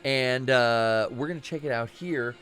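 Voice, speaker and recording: A man's voice: mid-range voice, measured pace, a bit bright, clean tone, faint music behind. A man co-hosting a gaming stream, chatting casually and joking around. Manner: joking, loose. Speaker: stream co-host. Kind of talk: casual chat.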